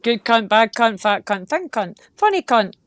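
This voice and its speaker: A woman's voice: on the high side, very animated, normal speed, no room sound, studio quality. A middle-aged woman from Ayrshire with a Scottish accent, chatting bluntly on a live stream, swearing freely and laughing as she tells stories. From Scotland. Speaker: stream co-host. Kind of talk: casual chat. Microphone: online stream mic.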